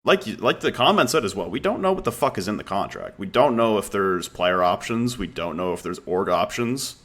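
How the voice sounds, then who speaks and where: A man's voice: on the low side, expressive, a little fast, a bit bright. A man co-hosting a casual podcast, arguing his opinions with frequent swearing. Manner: opinionated, profane, argumentative. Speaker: podcast co-host.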